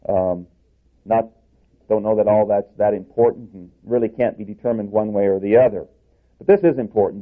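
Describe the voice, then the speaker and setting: A male preacher giving an expository sermon in a measured, explanatory way, restarting phrases now and then. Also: medium pitch. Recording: tinny phone-like sound.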